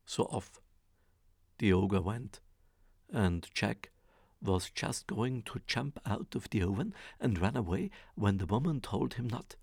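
A man reading a fairy tale aloud, with expressive, rhythmic storytelling. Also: on the low side, slow pace, gravelly, breathy edge, no room sound, studio quality.

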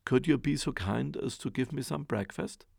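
Man voicing a polite hungry boy for a storybook: pleading, lightly raised, gravelly. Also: medium pitch, normal speed, a little mellow, no echo, clean studio sound. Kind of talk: storybook reading.

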